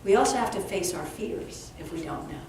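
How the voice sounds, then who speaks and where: Her voice sits on the low side at a moderate pace. An author and speaker, she's a guest at a live event, telling humorous stories animatedly and performing snippets of dialogue. The recording has room echo, a distant mic, and faint background noise.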